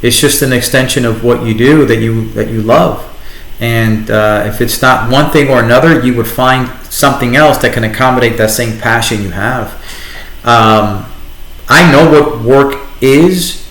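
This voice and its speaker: A middle-aged man with a New York accent, telling his story as a guest in a conversational interview, animated and restarting often. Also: mid-range voice, a little slow. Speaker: guest, entrepreneur and radio host. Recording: echoey room.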